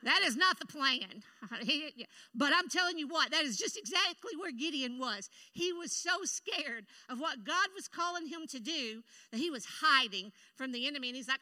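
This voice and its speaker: A woman preaching a sermon in a church, emphatic and animated, with quick asides to the congregation. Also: high-pitched. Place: church sanctuary.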